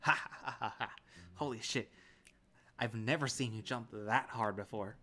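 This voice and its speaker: A man voicing a big, brash male wolf who teases loudly in a story reading. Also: on the low side, moderate pace, lightly acted. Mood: laughing. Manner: loud, laughing, playful.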